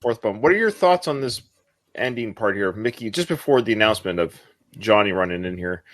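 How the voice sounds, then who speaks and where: A man's voice: on the low side, animated, fairly quick, no room sound. Upbeat male podcast host. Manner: upbeat, laughs often. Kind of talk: casual podcast chat.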